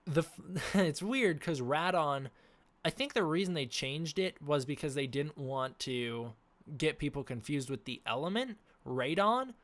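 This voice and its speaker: Male streamer on a casual rant, scratchy sore throat, animated and full of fillers. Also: on the high side. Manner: animated, ranting, lots of fillers and restarts. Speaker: livestream host.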